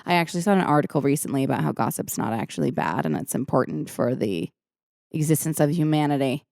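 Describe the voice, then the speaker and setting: A woman's voice: low-pitched, lively intonation, fast, creaky, darkish tone, dry recording, clean studio sound. A young woman hosting her own podcast, chatting casually with a Valley girl lilt, self-deprecating and wandering into tangents. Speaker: podcast host. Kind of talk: casual solo podcast chat.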